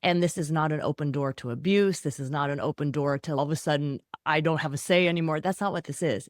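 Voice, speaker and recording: A middle-aged woman, a guest author in a podcast interview, talking in an animated way and acting out quoted voices. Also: deep voice, brisk, few pauses, dry recording, clean studio sound.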